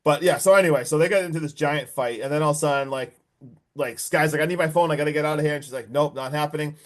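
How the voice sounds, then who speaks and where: Man, somewhat high voice, lively podcast recap with lots of swearing. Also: fast talker. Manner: animated, swearing, acts out character lines. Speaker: podcast co-host. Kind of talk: casual movie recap.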